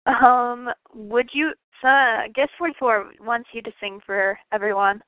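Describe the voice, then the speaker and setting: Woman, michigan accent, higher voice, giggly host, dry tinny audio. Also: fairly even intonation, unhurried, dry recording. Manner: giggly, reads out viewer questions. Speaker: interviewer. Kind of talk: casual online interview.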